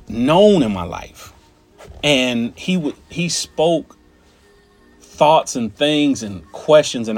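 A man telling a personal story in an animated, conversational way, often turning to his listeners with "right?" and "y'all". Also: medium pitch.

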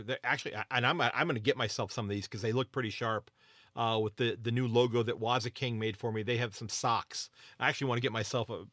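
A man's voice: medium pitch, bright, forceful tone, no echo, clean studio sound. An American man hosting his own sports podcast, chatting loosely with many fillers and calling his listeners folks. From United States. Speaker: podcast host and footy tipster. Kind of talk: solo sports podcast commentary.

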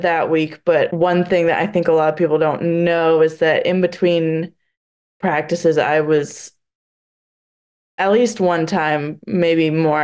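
A young woman speaks openly in an interview, her voice sitting a little low. She talks earnestly, with many restarts and halting phrases. Now and then emotion catches in her voice. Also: a little mellow. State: emotional, near tears at times. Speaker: podcast guest, blind adaptive athlete. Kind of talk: candid interview conversation.

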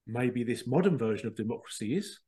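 A man's voice: mid-range voice, lively intonation, a little fast, mellow. A man hosting a podcast, talking in a rambling, digressive monologue and mocking other people in put-on voices. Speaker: podcast host. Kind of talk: casual spoken monologue.

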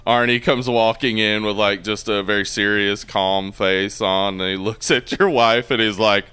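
A man co-hosts a casual movie podcast, joking, laughing, and putting on voices for quips as he riffs. His voice sits on the low side with fairly even intonation and normal speed, and the tone is pushed, bright, clear, and resonant.

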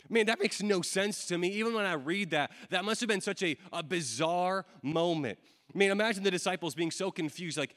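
A man's voice: fairly high pitch, expressive, brisk, a bit bright. A man preaching a sermon as a pastor, talking casually to a room with lots of fillers and repeated phrases. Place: church hall with audience. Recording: long hall reverb.

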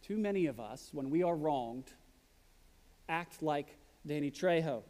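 A man's voice: a little high, lively intonation, unhurried, warm tone, in a large hall. A man preaching a sermon as pastor, earnest and direct, mixing in humorous asides.

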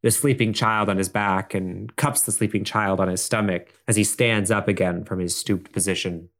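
A man's voice: on the low side, fairly even intonation, normal speed, fairly bright tone. A man co-hosting in casual chat, rambling and filling his talk with restarts. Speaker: co-host.

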